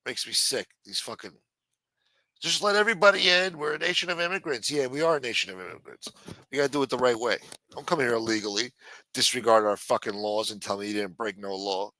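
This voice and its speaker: Middle-aged man, heated profane rant, bright edge, dry close sound. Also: fairly low pitch, quick pace, dry recording. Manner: blunt, heated, swears constantly. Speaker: live-stream host. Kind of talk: profane ranting monologue.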